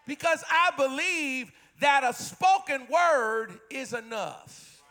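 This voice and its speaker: Fiery high-voiced preacher in his fifties. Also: lively intonation, takes it slowly. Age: 50s. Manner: impassioned preaching with repeated refrains and shouted peaks. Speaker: pastor. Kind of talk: sermon. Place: church.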